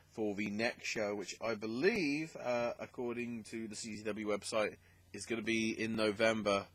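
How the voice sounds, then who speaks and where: Casual male podcast host, young, low pitch and a bright edge, rambling results recap full of fillers. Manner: rambling with many fillers, asides and throat clearing.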